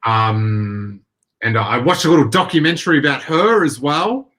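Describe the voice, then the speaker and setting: A man hosting a podcast talks in casual chat, his voice bright and forward. He rambles, stumbling through restarts as he searches for words. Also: medium pitch, animated. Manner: rambling, halting, many restarts. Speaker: podcast host.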